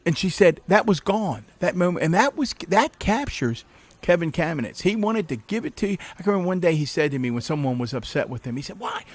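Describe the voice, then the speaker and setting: A middle-aged man as a podcast guest, telling animated anecdotes with frequent laughs in a cafe interview. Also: a little high, fast. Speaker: podcast guest, former county executive. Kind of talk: casual interview storytelling.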